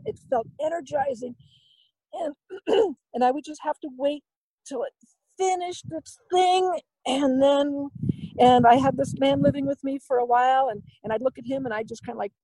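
A woman with a high voice recounts a personal story as an interview guest. She rambles and hesitates, restarting her sentences and poking fun at herself. The recording is close and dry. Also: darkish tone, no room sound, rough recording. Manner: candid, self-deprecating.

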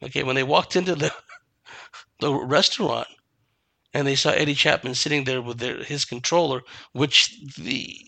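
A man's voice: mid-range voice, steady tone, moderate pace, creaky, pushed and bright, no echo. A man giving a solo commentary monologue, emphatic and dismissive, asking rhetorical questions.

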